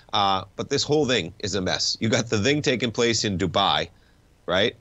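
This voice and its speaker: Male market-show host, stuffed up, lowish voice, loose wry commentary. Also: fairly bright tone. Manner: conversational, wry, rambling asides. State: stuffed-up nose. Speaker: financial talk show host.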